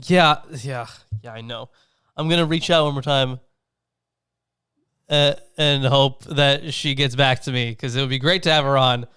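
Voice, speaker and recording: A man co-hosting a casual chat, explaining a text and often pausing with filler sounds. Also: medium pitch, bright, forceful tone, smooth, dry recording, studio quality. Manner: hesitant, many filler sounds while explaining. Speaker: co-host.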